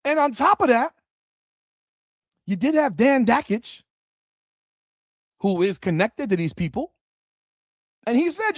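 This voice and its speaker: This is a sports commentary host in full rant mode, swearing freely and getting worked up. The voice swings widely in pitch. The audio is dull, lo-fi and dry. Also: takes it slowly, long pauses, no echo. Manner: profane, heated and animated. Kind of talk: ranting livestream commentary.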